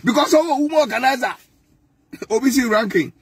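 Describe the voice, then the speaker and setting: Husky high-voiced Ghanaian man, mocking. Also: animated, brisk. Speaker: political commentator. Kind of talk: mocking political commentary.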